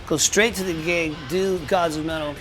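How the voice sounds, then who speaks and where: A man's voice: fairly high pitch, fairly even intonation, normal speed, over music, natural voice, low-quality recording. A man impersonating a famous male rock singer who is brash and demanding and swears a lot. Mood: insistent. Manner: shouted, swearing, bossy.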